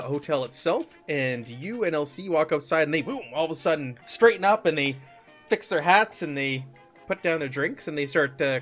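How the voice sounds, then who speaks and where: A man serving as game master, describing scenes in a relaxed, easygoing way. His voice sits a little high, and faint music plays in the background. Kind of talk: narrating a tabletop game.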